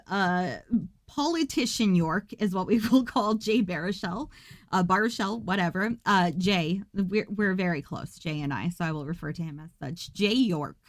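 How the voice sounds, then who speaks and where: A woman's voice: medium pitch, no echo. Joking, foul-mouthed woman podcast host. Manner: joking, profane, rambling asides. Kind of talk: casual movie recap.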